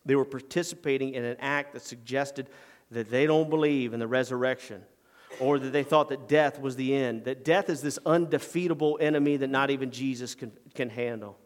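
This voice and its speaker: A man preaching a sermon in a church. He swings from quiet, low passages to loud, emphatic ones. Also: a little fast, in a large hall. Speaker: pastor.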